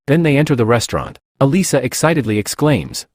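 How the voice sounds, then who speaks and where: A man's voice: medium pitch, very animated, moderate pace, hardly any pauses, a little mellow, no room sound. A man narrating a comic recap, reading out every character's lines in turn. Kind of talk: scripted storytelling narration. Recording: dry close-miked voice-over.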